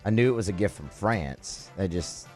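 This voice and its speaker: A man co-hosting sports radio who takes the ribbing with sheepish, self-deprecating banter. His pitch moves in lively jumps as he guesses at answers. Faint music plays softly under the studio mic. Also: moderate pace. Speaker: radio co-host.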